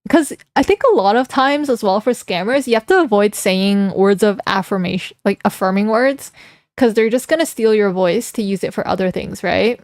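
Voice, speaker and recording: Reading out her chat's comments and reacting after a giggle, a young female streamer keeps things casual. She speaks at a moderate pace in a medium-pitched, slightly mellow voice, recorded at studio quality without echo.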